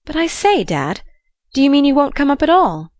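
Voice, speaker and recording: A woman voicing an eager young man, a son asking quick, earnest, bewildered questions, read in a dry, close sound for a storybook. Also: a little high, lively intonation, dry recording.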